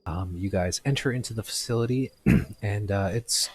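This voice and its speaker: A man acting as game master, narrating a tabletop game in a halting way with many fillers. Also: fairly low pitch, darkish tone, slightly rough.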